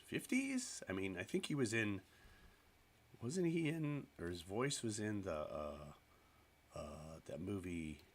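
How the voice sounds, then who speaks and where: A man's voice: deep voice, a bit bright. A man hosting a live stream, chatting casually with viewers in a rambling, self-deprecating way. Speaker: livestream host.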